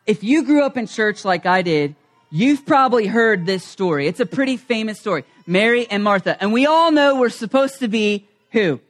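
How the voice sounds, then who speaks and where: A middle-aged man preaching a humorous storytelling sermon, animated and acting out the voices in his stories. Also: high-pitched. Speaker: pastor.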